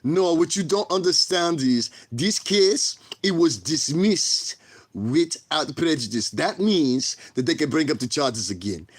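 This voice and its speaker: A man's voice: fairly high pitch, lively intonation, a little slow, slightly rough, voice pushed up. Man mocking a prissy woman podcaster, mock French accent. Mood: condescending.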